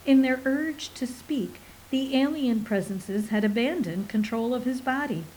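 A woman narrating an audiobook in an expressive storytelling delivery. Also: high-pitched, a little slow, a little hiss or hum, low-quality recording.

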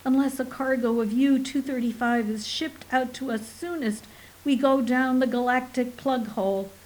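A woman's voice: on the high side, expressive, slow, a little mellow, low-quality recording. A woman voicing a pompous, desperate male alien scholar who speaks in stentorian, wailing tones. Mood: pleading.

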